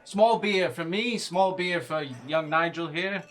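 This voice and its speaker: A woman playing a blustery, generous male gentleman explorer in a tabletop role-play, with a bossy, jovial manner. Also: lowish voice, a little slow, soft background music, voice pushed up, close to an everyday voice. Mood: hearty.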